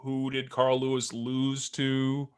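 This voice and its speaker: Animated man telling stories. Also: mid-range voice, takes it slowly, clear, resonant tone. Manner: animated storyteller, laughs often. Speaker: co-host. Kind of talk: casual sports podcast chat.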